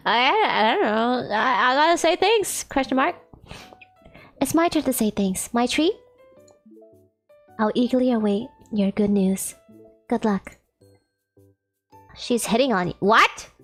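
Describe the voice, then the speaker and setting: A woman streamer reads a dating visual novel aloud and jokes between the lines. Her voice is high and playful and giggly. Soft game music plays faintly behind her. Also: animated, a little slow, pauses often.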